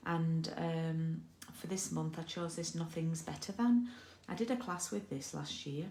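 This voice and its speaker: A woman's voice: deep voice, fairly even intonation, a little slow, mellow, a little hiss or hum. A British woman hosting a live card-making stream, chatting casually and rambling with lots of ums and asides. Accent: British English. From United Kingdom. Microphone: laptop or phone camera mic.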